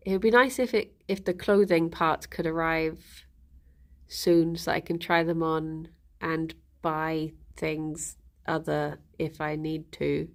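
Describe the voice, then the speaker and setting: A tired woman streamer talks to her chat in an unhurried, drawn-out way. She sounds yawny and a little out of it, drifting between thoughts with soft ums and easy pauses. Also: on the low side, vocal fry. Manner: relaxed, trailing off with ums. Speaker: livestreamer. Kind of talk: casual chat with chat viewers.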